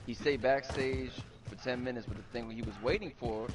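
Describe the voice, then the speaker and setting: A man in casual chat, telling a backstage story with animated, rising energy. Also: medium pitch, a little fast, over loud music. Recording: loud game noise behind.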